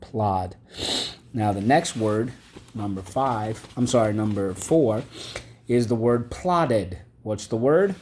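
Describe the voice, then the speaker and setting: A man's voice: fairly low pitch, lively intonation, slow, a little mellow, a little hiss or hum. A man teaching a vocabulary and phonics lesson, patiently repeating each word and asking the class to say it back. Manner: patient, repeats words and asks the class to echo them.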